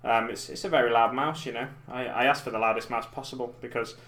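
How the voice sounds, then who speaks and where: Bright-voiced man rambling casually. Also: medium pitch, steady tone, fast talker. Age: 30s. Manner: rambling, self-deprecating, chatty. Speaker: live stream host. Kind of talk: casual chat while painting miniatures. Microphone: desk mic in front of keyboard.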